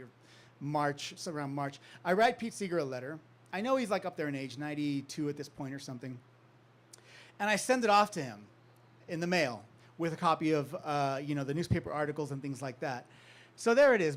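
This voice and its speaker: A high-voiced man, an author giving a talk, tells a story to a live audience. Raised in California, he's animated, laughs a lot, and slips into the voices of the people he quotes.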